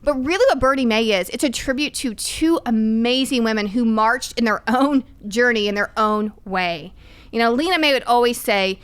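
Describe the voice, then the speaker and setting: A middle-aged woman guest on a podcast, telling stories in a lively, emphatic, candid way. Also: on the high side, normal speed, clean tone. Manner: lively, animated, emphatic storytelling. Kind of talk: candid conversational storytelling.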